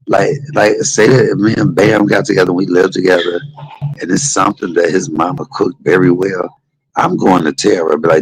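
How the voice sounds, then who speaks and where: A man's voice: sits low, steady tone, normal speed, slightly rough, dry recording, rough recording. A middle-aged man hosting a livestream, telling casual stories in a chatty vernacular that drifts from one memory to the next. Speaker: livestream host. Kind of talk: casual storytelling monologue.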